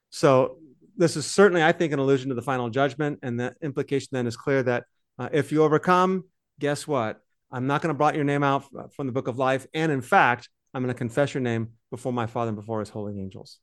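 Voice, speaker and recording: Dry, mid-pitched man explaining scripture. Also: fast talker, no room sound. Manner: explanatory, translates Greek on the fly, loose fillers. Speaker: podcast co-host, Bible teacher. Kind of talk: conversational Bible study.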